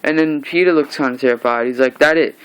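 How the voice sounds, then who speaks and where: A man's voice: mid-range voice, fast, smooth, poor audio. A young man recapping a comic book issue in a casual vlog, rambling and restarting as he retells scenes. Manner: rambling, loose retelling with many restarts and "he's like".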